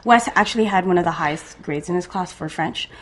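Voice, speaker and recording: A woman from Canada, a parent guest, telling her story in measured detail in conversation. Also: fairly low pitch.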